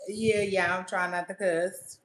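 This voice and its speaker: A woman's voice: lowish voice, fairly even intonation, unhurried, roomy sound. A woman chatting casually with viewers as a podcast host, laid-back and laughing, with slangy talk.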